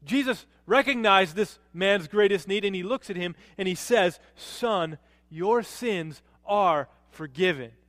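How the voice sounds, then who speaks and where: A man preaching a sermon as a pastor, animated, rising to emphatic peaks and dropping low to quote. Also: a little slow, no echo, big-room sound.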